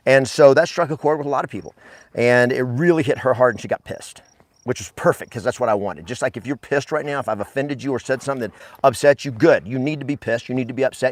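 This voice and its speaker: A man's voice: medium pitch, quick pace, no room sound. A man giving a blunt, emphatic motivational talk as a real estate coach, swearing freely.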